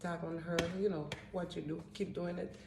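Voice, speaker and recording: A woman with a Haitian accent speaks slowly and warmly in a personal holiday message, her low voice edged with gravel. She often repeats and restarts her phrases as she speaks. The room gives her an echo, with a faint instrument in the background. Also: fairly even intonation, background noise. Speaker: pianist.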